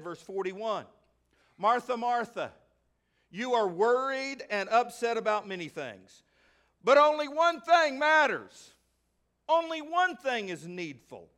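Preaching emphatically as pastor, a man fires rhetorical questions at his congregation in a high voice that is a bit bright.

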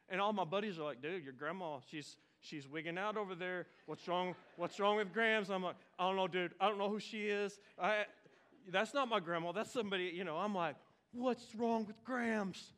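A man from Oklahoma, preaching a lively, storytelling sermon with sudden bursts of shouting. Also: high voice, moderate pace. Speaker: pastor.

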